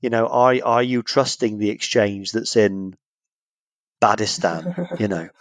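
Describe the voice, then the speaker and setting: A man's voice: on the low side, fairly even intonation, normal speed, no room sound. Jokey English man, dry close sound. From Britain. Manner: jokey, acts out phone calls in voices. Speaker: guest author. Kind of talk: casual podcast interview.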